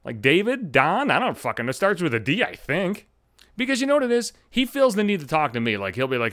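A man's voice: medium pitch, sing-song, fast, a bit bright, no echo, studio quality. A man in his thirties hosting a solo podcast, ranting bitterly and swearing constantly in a sardonic way. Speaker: podcast host. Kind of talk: profane solo podcast rant.

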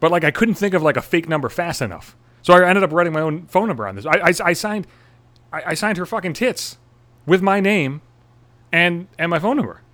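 A man's voice: high voice, animated, fairly quick, fairly bright tone. A young man, a podcast host, telling a crude story in a sarcastic, swear-filled monologue.

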